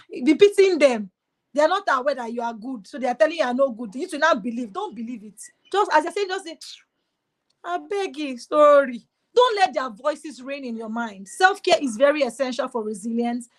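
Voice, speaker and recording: A woman speaks in a high voice. She gives an emphatic, exhorting motivational talk on a webinar and drives her points home by repeating them.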